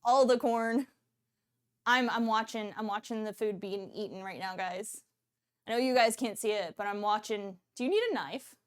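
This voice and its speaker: A woman's voice: mid-range voice, normal speed. A woman hosting a cooking livestream, chatting casually with viewers in a bubbly way and laughing often. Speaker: cooking streamer host.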